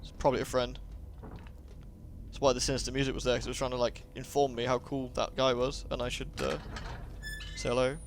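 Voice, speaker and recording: Guy doing let's-play commentary, wry asides, mid pitch, faint hiss behind. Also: little pitch movement, fairly quick, long pauses. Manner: sarcastic, jokey. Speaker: gaming commentator.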